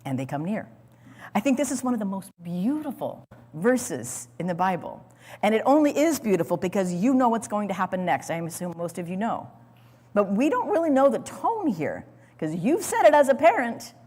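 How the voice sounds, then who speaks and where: A woman pastor preaching a sermon, retelling a story dramatically with sudden loud surges and hushed drops and restarting her words now and then. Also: medium pitch, sing-song, moderate pace, breathy edge. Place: church sanctuary. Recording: long reverb of a church hall.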